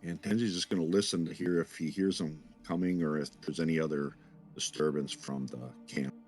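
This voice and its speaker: A male tabletop player with a deep, low-pitched voice chats casually. He talks his way through each action and hesitates with ums. Faint music sits in the background. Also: steady tone, moderate pace, darkish tone. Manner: thinks aloud while declaring actions, with ums. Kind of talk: casual tabletop game play.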